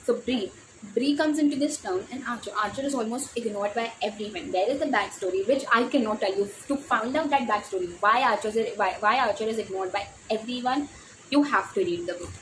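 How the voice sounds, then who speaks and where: A teenage girl from India, speaking English with an Indian accent, chatting in a casual book vlog. Her voice sits a touch high and she gushes, piling up exclamations and stumbling restarts. A faint layer of noise hangs behind her. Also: fairly quick, poor audio. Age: teens. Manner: gushing, excitable, with frequent restarts and exclamations. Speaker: book vlogger.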